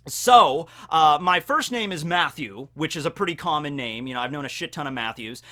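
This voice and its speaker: A man's voice: fairly high pitch, lively intonation, moderate pace, sharp tone. A man from Western Pennsylvania telling a story on his vlog in a casual, rambling way, full of swearing and fillers. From Western Pennsylvania, USA. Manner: rambling, profane, fills with likes and ums. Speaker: vlogger.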